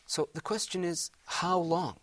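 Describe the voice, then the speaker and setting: A man's voice: high-pitched, unhurried, a bit bright. A middle-aged man teaching Quran recitation in a televised lesson, patiently explaining step by step and chanting Arabic examples.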